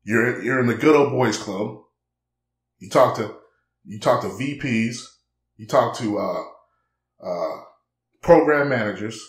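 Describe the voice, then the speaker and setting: A man's voice: mid-range voice, lively intonation, slow pace, long pauses, roomy sound. A man in a blunt, preachy casual monologue, peppering his talk with "man" and acting out quoted conversations. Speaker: vlogger.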